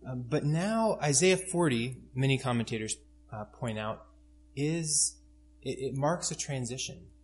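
A man's voice: medium pitch, lively intonation, a little slow. Earnest young male preacher. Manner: earnest, storytelling with many fillers and restarts. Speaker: pastor. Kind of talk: sermon.

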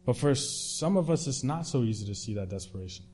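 A man's voice: medium pitch, lively intonation, a little fast, darkish tone, soft background music. A man preaching a sermon in a conversational way, retelling a story with restarts and fillers.

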